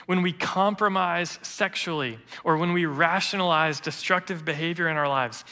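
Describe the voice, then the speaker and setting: Bright-voiced preacher in a reverberant church. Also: male voice, on the high side, normal speed. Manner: earnest storytelling preacher, quotes others in lively voices. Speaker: interim lead pastor. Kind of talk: sermon. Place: church sanctuary.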